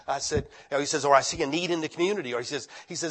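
A man's voice: fairly high pitch, fast talker. Older man preaching, rising to fervor. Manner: conversational, builds to loud fervent preaching. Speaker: retired pastor, guest preacher. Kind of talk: sermon.

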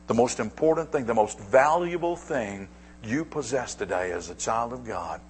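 A male pastor preaching a sermon, dropping to hushed asides and rising to emphatic declarations. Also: fairly low pitch, slight background noise.

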